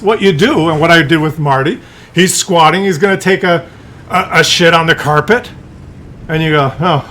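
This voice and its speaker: A man's voice: sits high, sharp tone, a little hiss or hum. A man ranting in a rambling, profane monologue, full of fillers and restarts. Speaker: streamer.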